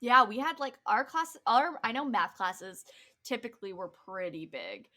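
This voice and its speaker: A woman's voice: a little high, very animated, normal speed, bright, forceful tone. A young woman co-hosting a podcast, telling a school story in casual chat, laughing often and acting out what people said. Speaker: podcast co-host.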